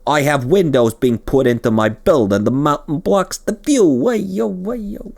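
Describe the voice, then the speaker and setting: A man's voice: fairly high pitch, animated, normal speed, gravelly, darkish tone, pitched above the performer's own voice. A man reading a fellow player's chat lines aloud in an exaggerated put-on Brooklyn accent, hamming it up. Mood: gruff. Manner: hammy, exaggerated twang. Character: gruff fellow builder read from text chat.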